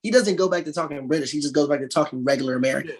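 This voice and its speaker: Guy actor chatting on a podcast, tells stories loud and lively, lots of laughs. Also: a little high, rapid-fire, over a noisy crowd. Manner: animated storyteller, acts out quotes, laughs often. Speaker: actor guest. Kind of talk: casual interview chat.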